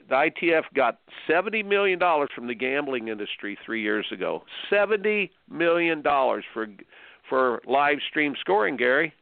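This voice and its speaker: A man in his seventies from Indiana, hosting a radio tennis show and telling stories with bursts of excited exclamations. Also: mid-range voice, vocal fry, no echo. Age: 70s. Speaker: tennis coach and host. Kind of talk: radio show interview, storytelling. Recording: tinny dry phone line.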